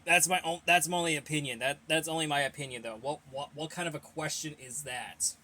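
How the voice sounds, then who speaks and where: Young guy doing a q&a, kinda high voice, rambly and blunt, bit out of breath. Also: fairly even intonation, fairly quick, bright, forceful tone. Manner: rambling, repeats himself, blunt opinions. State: a little out of breath. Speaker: host of a fan Q&A channel. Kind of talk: casual Q&A reading viewer questions.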